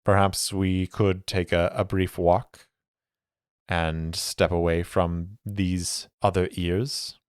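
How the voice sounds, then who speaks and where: A sly, smooth-talking mercenary, voiced by a man who keeps his courtesy even while he fishes for secrets. The voice is deep and unhurried. It sounds close and dry. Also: dry recording.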